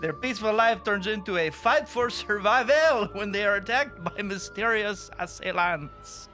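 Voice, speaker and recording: A man's voice: high voice, moderate pace, pushed and bright, faint music behind. A man hosting a casual movie review podcast, chatty, laughing often and swearing freely. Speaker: podcast host.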